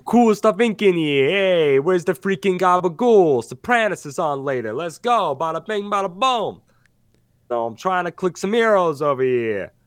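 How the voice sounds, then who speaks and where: A man's voice: high voice, expressive, normal speed, clear, resonant tone, no echo, clean studio sound, voice pushed up. Man doing a brash New York wise guy. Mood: swaggering. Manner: loud, swaggering, street slang.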